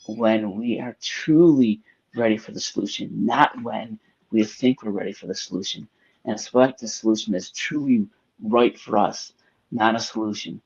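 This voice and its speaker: A husky, slightly breathy man co-hosting a spiritual discussion, talking through ideas in long, winding, reflective sentences. He speaks at a middling pitch and often drifts into telling stories. The sound is dull and lo-fi, like a home live stream. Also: darkish tone. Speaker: co-host.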